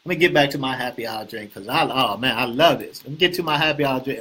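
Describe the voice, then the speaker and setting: A man hosting a casual real estate talk, animated and preachy, often repeating himself and asking the viewers questions. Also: medium pitch, fast, few pauses, slight background noise. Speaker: host.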